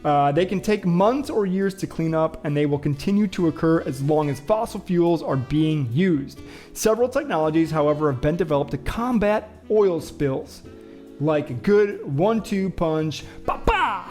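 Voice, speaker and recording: A chatty young man with a slightly high voice, hosting a casual vlog. He reads news headlines aloud and riffs on them with quick jokes, over faint background music. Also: lively intonation, a little mellow. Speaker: show host.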